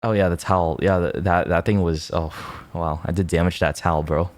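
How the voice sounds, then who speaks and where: A man's voice: deep voice, fast, few pauses. A young man streaming, chatting casually to his viewers in a rambling, self-mocking way with lots of fillers and laughs.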